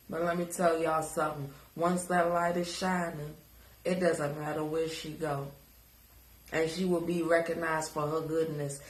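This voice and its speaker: Slow, profane Jamaican woman ranting. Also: low-pitched, reverberant, poor audio. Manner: profane, confrontational. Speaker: social media personality. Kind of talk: ranting live video.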